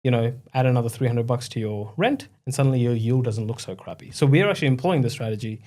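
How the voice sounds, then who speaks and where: Fast-talking Australian man, laid-back. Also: medium pitch, darkish tone. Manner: quick, laid-back, agreeable. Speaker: podcast co-host. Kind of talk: casual podcast chat.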